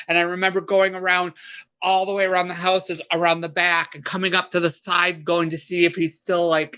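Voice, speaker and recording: A woman guest on a podcast, chatting casually and telling animated stories that she acts out in loud bursts. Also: lowish voice, fairly quick, smooth. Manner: animated storyteller, voices her past panic in loud bursts. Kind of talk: casual chat, storytelling.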